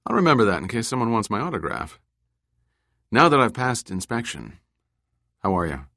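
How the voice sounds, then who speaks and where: A man's voice: medium pitch, big pitch swings, normal speed, fairly bright tone, dry recording, studio quality. A man voicing a playful disguised adventurer in an audiobook, in a teasing, easygoing way.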